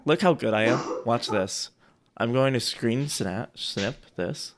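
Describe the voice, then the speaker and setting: A man co-hosting a casual chat, rambling and restarting his sentences, quick to laugh. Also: mid-range voice, noisy background. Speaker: co-host reviewing sales outreach.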